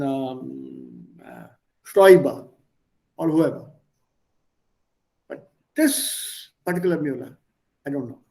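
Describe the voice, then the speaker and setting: A man teaching a German class on a video call, explaining grammar in an animated way. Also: a little high, vocal fry. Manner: animated, explaining, switching between English and German. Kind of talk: online language lesson.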